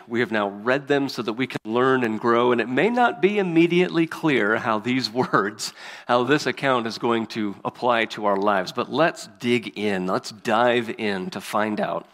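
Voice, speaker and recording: A man of middle pitch reads scripture and preaches, earnest and emphatic, lifting his voice where the text turns to speech. The sound carries a long reverb, as if filling a large hall. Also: normal speed, a bit bright. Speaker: pastor. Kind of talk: scripture reading and sermon.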